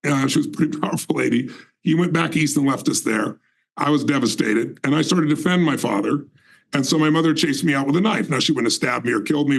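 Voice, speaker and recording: Gravelly man in his sixties, emphatic. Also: on the high side, low-quality recording. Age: 60s. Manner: emphatic, intense, certain. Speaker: guest. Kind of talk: motivational storytelling in conversation.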